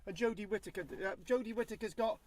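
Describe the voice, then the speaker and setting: High-voiced ranting man, keeps asking "right?". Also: steady tone, quick pace, a little mellow. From England. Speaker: podcast co-host. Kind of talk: casual opinionated chat.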